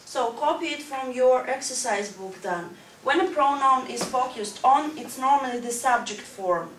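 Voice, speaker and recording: A woman's voice: sits high, moderate pace, a bit bright. A woman teaching an English grammar lesson to a class, explaining step by step and checking in with "right?". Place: school classroom. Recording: echoey classroom from far off with background noise.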